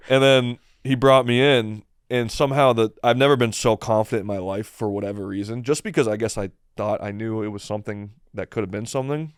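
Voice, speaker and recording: A man's voice: medium pitch, brisk, few pauses, clear, resonant tone, no room sound, studio quality. Rambling, self-deprecating young man. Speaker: podcast guest. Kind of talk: casual storytelling.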